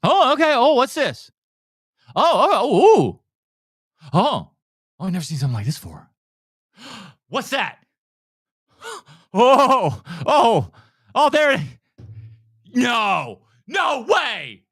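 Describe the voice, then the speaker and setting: A man putting on an overexcited trailer reactor, all gasps and disbelief. He yelps high and loud with wild swings in pitch. It's a mocking, exaggerated hype act. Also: huge pitch swings, takes it slowly, long pauses, slightly rough, exaggerated voice. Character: overexcited male trailer reactor, gasping and hyped.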